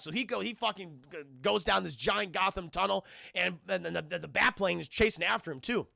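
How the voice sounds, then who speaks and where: A man recaps a cartoon for his live chat in a rambling, profane way. His voice is high, heavily gravelly and bright. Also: fairly quick, dry recording, studio quality. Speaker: cartoon reviewer streaming live. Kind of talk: casual live-stream recap.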